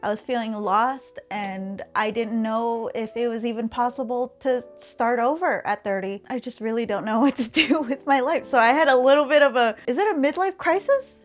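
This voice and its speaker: A woman's voice: on the high side, normal speed, few pauses, faint music behind. A woman in her thirties from Canada, talking casually and candidly in a vlog, often laughing between phrases. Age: 30s. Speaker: streamer and vlogger.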